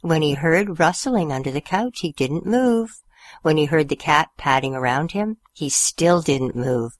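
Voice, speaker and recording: A woman hosts a small radio show and reads a children's story aloud. Her voice sits low but swings widely as she tells it, and the sound is close and dry. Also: unhurried, no room sound. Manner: expressive storyteller, gentle and warm. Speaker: radio host reading stories. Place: community radio studio.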